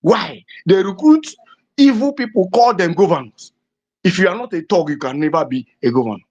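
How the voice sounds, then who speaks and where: Nigerian lady hosting heated political talk, lively swooping voice, muffled lo-fi sound. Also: fairly low pitch, moderate pace. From southeastern Nigeria. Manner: fiery, emphatic, rises to shouting. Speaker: host. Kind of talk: impassioned political commentary. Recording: dull lo-fi audio.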